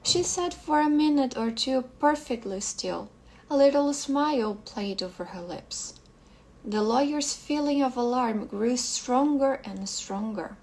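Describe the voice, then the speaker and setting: A woman English teacher reading a short story aloud slowly and carefully, sometimes restarting a phrase. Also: sits high, expressive, a little mellow, poor audio.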